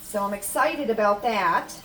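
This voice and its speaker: A woman's voice: mid-range voice, unhurried. A middle-aged American woman vlogger telling stories and chatting casually to her viewers, repeating herself for emphasis. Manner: chatty, animated storytelling with repetitions. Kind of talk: casual chat to camera. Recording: distant mic with faint room noise.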